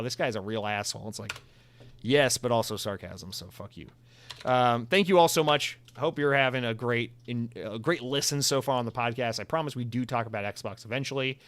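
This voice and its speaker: A man's voice: mid-range voice, brisk, fairly bright tone. A young man hosting a solo podcast, talking casually in a sarcastic, rambling, self-mocking way. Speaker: podcast host.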